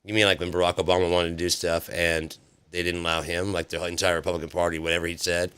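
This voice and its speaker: Low-voiced man ranting on a livestream. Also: level tone, quick pace, fairly bright tone, smooth. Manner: profane, sarcastic, heated, with frequent restarts. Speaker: livestream host. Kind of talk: casual political rant on a livestream.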